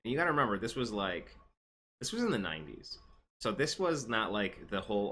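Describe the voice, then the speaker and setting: A man's voice: fairly low pitch, fast, slight background noise. A man in his thirties casually telling a rambling personal story as a vlogger, with lots of restarts. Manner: rambling, animated, with restarts and quoted voices.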